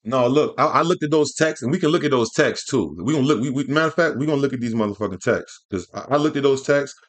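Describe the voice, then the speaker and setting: A man's voice: medium pitch, fast talker. Loose, profane man reacting to clips. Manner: loose, profane, rambling, stumbles and repeats himself. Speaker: commentary host reacting to clips. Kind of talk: casual reaction commentary.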